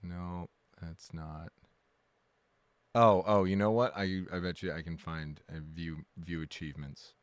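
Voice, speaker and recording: A man's voice: low voice, steady tone, measured pace, clean tone, dry recording. A man chatting casually on a live stream, rambling, correcting himself often and joking along with his chat. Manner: rambling, self-correcting, jokey.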